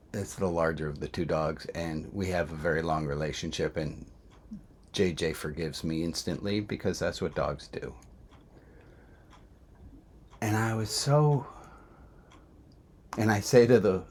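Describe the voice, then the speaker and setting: A man's voice: low-pitched, a little hiss or hum. A man who is a rabbi, telling a candid personal story in a self-reflective way, often restarting his sentences.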